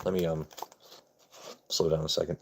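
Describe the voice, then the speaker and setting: A man's voice: rumbling low, level tone, moderate pace, vocal fry, a little hiss or hum. A man hosting a casual livestream, joking and chatting with viewers by name in a laid-back way. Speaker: livestream host. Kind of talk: casual chat with live chat viewers.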